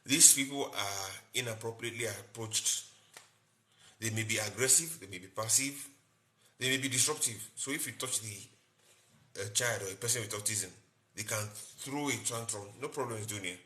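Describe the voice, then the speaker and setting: A man's voice: on the low side, normal speed, bright, forceful tone. A man, a doctor hosting a live-stream health talk, explaining in short repeated phrases and greeting viewers by name.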